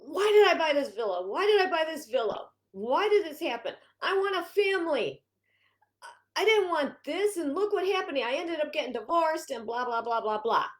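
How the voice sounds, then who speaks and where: Brief: woman doing a mopey divorcee, complaining, raised pitch. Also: animated, moderate pace. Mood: self-pitying. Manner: whiny, complaining. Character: weepy self-pitying divorced woman.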